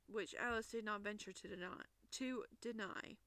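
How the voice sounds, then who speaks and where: A woman reading a classic children's book aloud, in lively narration with small restarts. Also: medium pitch, moderate pace, few pauses, dry recording. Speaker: storybook reader.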